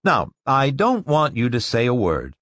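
A self-assured school director holds forth to a room of children in a slow, sweeping, sing-song manner that climbs high on its key words, as a storyteller puts him on. His voice is dry and close, with no room around it. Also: wildly swooping pitch, fairly bright tone, no echo. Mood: coaxing, playful. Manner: declamatory, lecturing. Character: confident male school director lecturing children.

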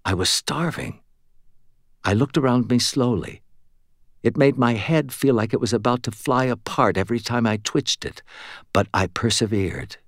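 A man reading a first-person audiobook in an expressive, wry way. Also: mid-range voice, moderate pace, no room sound, studio quality. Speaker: audiobook narrator.

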